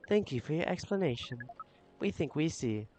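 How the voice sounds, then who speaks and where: A man's voice: a little high, very animated, moderate pace, mellow, slight background noise. A man reading a stiff, precise alien of a hive mind. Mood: earnest. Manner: stiff, precise, speaks of itself as we. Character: formal literal-minded alien woman of a hive mind. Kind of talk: voicing a visual novel on stream. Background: game music.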